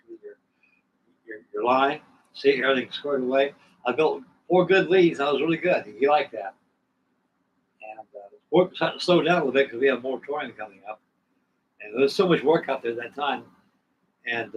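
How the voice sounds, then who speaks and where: A man in his sixties hosting a live stream, telling a long story in a rambling, casual way with many restarts. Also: medium pitch. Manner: rambling, frequent restarts and asides. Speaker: host. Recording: distant mic with faint background noise.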